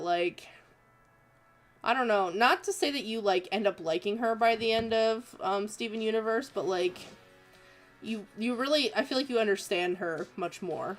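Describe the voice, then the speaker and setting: A woman's voice: mid-range voice, lively intonation, a little slow, soft background music. A young woman hosting an art livestream, chatting casually and giggling as she reads viewer messages aloud. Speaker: art streamer reading viewer submissions.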